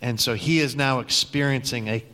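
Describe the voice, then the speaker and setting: A man's voice: medium pitch, normal speed, bright, forceful tone. A middle-aged male pastor telling a story in a sermon, casual and full of restarts. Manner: conversational, hesitant restarts. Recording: long hall reverb.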